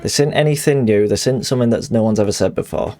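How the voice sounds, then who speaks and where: A man's voice: fairly low pitch, fast, mellow, slight background noise. A man streaming a game, chatting casually in a rambling, sweary way that often corrects itself.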